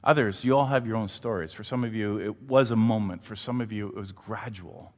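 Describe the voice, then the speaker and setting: A man preaching a sermon, an animated storyteller who asks the congregation questions. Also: fairly low pitch, a little fast, long reverb tail. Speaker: pastor.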